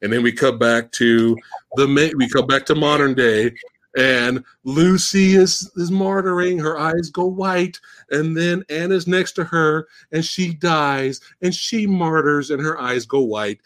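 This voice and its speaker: A man hosting a casual podcast, mocking a film's plot in a profane, animated way as he retells it. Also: a little high, unhurried. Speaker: podcast host. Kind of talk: casual podcast film discussion.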